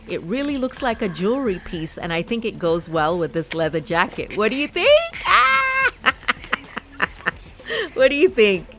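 Chatty middle-aged woman, low voice. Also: fairly bright tone. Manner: chatty, laughs often, talks straight to viewers. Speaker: fashion haul vlogger. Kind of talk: casual chat to camera.

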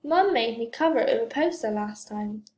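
A woman's voice: fairly high pitch, lively intonation, moderate pace, a little mellow, close to an everyday voice. A woman reading the lines of a cheeky, scheming young boy in a storybook, in an eager, pleading way. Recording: roomy echo.

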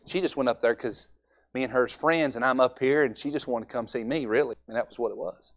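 A man's voice: medium pitch, brisk. A young man preaching a Sunday evening sermon in a folksy way, acting out altar conversations.

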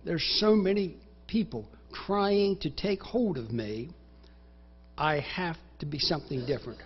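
A man preaching a sermon in a church, dramatically acting out inner voices in the first person and reciting scripture in slow, measured phrases. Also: fairly high pitch, husky, muffled recording. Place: church sanctuary.

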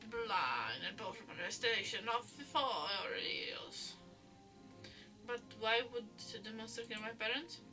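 A woman voicing a calm, cruel male asylum doctor from a game, reading slowly. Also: medium pitch, distant mic.

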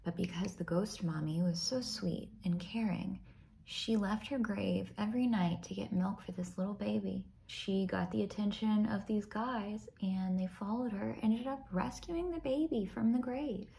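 A woman's voice: mid-range voice, normal speed, vocal fry, dark tone, a little hiss or hum. A young woman casually telling a ghost story while doing her makeup, often dropping to a whisper. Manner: chatty, often drops to a whisper.

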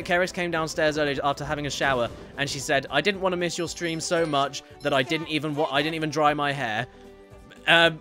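A man's voice: a little high, sharp tone. Chatty man streaming a game. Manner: chatty, reads viewer messages aloud with quick asides. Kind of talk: casual live-stream chat while gaming. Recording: faint game music behind.

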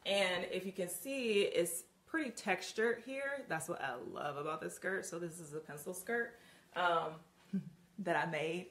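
A woman's voice: lowish voice, unhurried, a bit bright. A woman coaching viewers on putting outfits together in a casual live video, chatty and full of laughs and ums. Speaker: style coach. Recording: roomy, distant, faint hiss.

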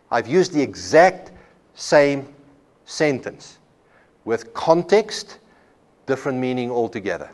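A man lecturing at a Bible college in an unhurried, mid-pitched voice. He explains ideas with homely examples and often repeats a word as he restarts a phrase. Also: expressive. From South Africa. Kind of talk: classroom lecture.

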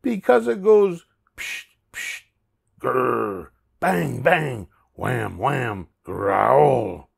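A man's voice: on the high side, huge pitch swings, moderate pace, creaky, pitched above the performer's own voice, exaggerated voice. A man doing a squealing panicky pig. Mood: frantic. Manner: loud and panicky. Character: jittery, excitable pig, male. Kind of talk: storybook reading.

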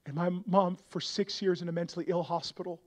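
A young adult man preaching a revival sermon, moving from quiet storytelling to loud, impassioned appeals. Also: steady tone, fairly quick. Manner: builds from soft storytelling to loud, high-pitched fervor.

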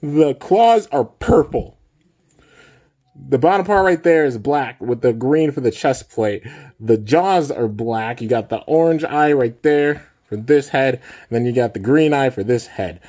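An excitable young man hosts a casual toy unboxing on his own channel. He talks at a middling pitch and keeps calling his viewers "man" and "dude". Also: measured pace. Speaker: toy reviewer and channel host.

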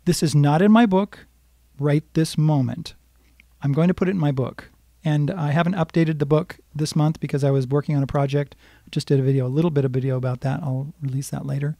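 A man's voice: on the high side, fairly even intonation, a little fast, creaky, dark tone, no room sound, studio quality. A man teaching a live-streamed guitar lesson, explaining music theory patiently and singing bits of the melody. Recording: guitar playing behind voice.

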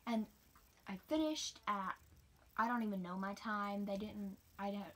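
A woman's voice: mid-range voice, animated, unhurried, fairly bright tone. A young woman telling a casual, rambling story about her race, sometimes dropping into a whisper. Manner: chatty, rambling, drops into whispers. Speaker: homeschooled cross-country runner.

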